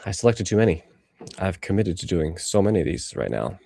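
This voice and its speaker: A man's voice: sits low, very animated, a little fast, creaky, warm tone, no room sound. A man in his thirties streaming live as he edits photos, rambling and talking to himself while he works. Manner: rambling self-talk, musing aloud. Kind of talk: casual livestream commentary while working.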